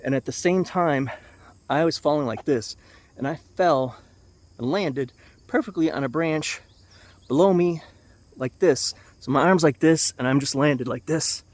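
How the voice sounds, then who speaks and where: A man's voice: a little high, a little slow, a little mellow, no echo. A middle-aged man vlogging, telling a casual, rambling story to the camera. He corrects himself as he goes and chuckles at his own mishaps.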